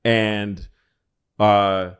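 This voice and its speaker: A man with a fairly low voice tells stories on a comedy podcast. He rambles and swears freely, restarting sentences as he goes. He keeps an easy, conversational tone. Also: little pitch movement, drawn-out words, clean tone. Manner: rambling, profane, restarts often. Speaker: podcast host. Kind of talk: casual comedic storytelling.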